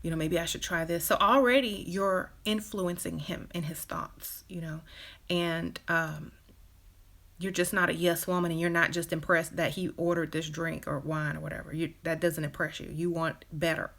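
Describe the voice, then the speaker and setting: A creaky, fairly bright voice on the low side, delivered in a steady tone at a moderate pace, belongs to a relationship advice channel host. Her live stream chat is casual and chatty, with "you know" fillers, brief laughs, and quoted dialogue acted out in other voices.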